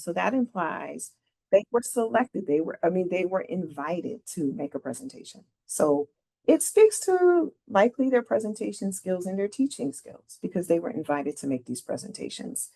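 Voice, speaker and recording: A middle-aged woman runs a careers workshop, talking through her slides conversationally and frequently checking in with "right?". Her medium-pitched voice is creaky and husky, very animated, and delivered at a moderate pace.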